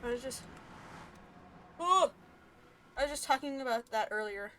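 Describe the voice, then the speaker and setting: A woman's voice: high-pitched, animated, moderate pace, fairly bright tone. A woman streamer chatting casually and rambling, joking and laughing often. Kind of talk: casual chat.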